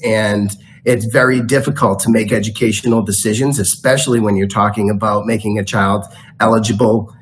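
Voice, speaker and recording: A man presenting to a school board, speaking in a measured way with frequent fillers. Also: lowish voice, a little hiss or hum, rough recording. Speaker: school district official presenting. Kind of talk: formal presentation at a board meeting.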